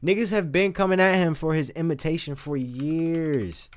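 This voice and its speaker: A man streaming casual, animated, profane commentary, reading lyrics aloud between remarks. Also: on the high side, moderate pace.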